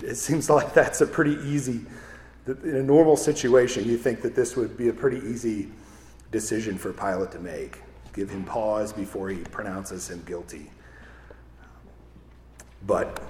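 A man's voice: lowish voice, darkish tone, a little hiss or hum. A man preaching a conversational sermon, often asking "right?" and restarting his words. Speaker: pastor. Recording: echoey hall with faint ambience.

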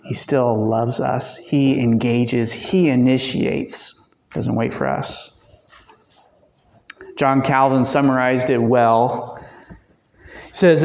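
A man's voice: mid-range voice, steady tone, takes it slowly, vocal fry, long pauses. A man leading a Bible study discussion, talking conversationally with fillers and self-corrections. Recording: echoey room.

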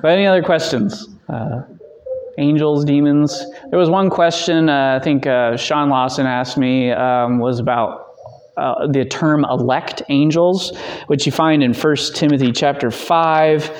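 A man teaching a church theology class, conversational and answering questions, acting out quotes in lively raised voices. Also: on the high side, a little slow, slight background noise. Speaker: Bible teacher.

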